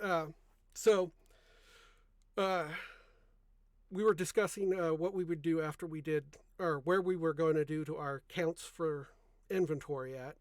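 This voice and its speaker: A man's voice: a little high, no echo, clean studio sound. A young man hosting a podcast, chatting casually in a rambling way, often correcting himself mid-sentence. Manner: rambling, self-correcting, soft-spoken. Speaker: podcast host. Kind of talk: casual chat.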